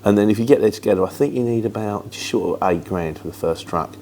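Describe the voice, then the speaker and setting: A middle-aged English man with a London-flavoured accent chats through viewer questions in a rambling, down-to-earth way, full of fillers. His voice sits fairly low, with a faint hum of noise behind it. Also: quick pace, mellow. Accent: London-influenced Luton English. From England. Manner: chatty, rambling, matter-of-fact with filler words. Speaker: host answering viewer questions. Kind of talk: casual chat.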